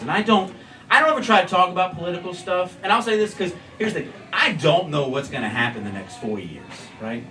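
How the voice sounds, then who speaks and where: A young man doing stand-up on a comedy club stage, loud and animated, swearing often and jumping into high excited yelps. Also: a little fast, distant mic, soft background music. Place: comedy club stage before a laughing crowd. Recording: roomy club sound with a roaring crowd.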